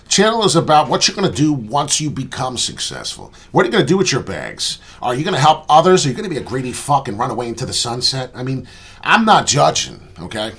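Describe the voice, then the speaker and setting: Male vlog host, husky voice with a wide, swinging pitch; candid, profane, rambling monologue. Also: sing-song, fast talker, fairly bright tone. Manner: earnest, rambling and candid, with frequent "uh" and "right?"; profane, blunt talk. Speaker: crypto channel host.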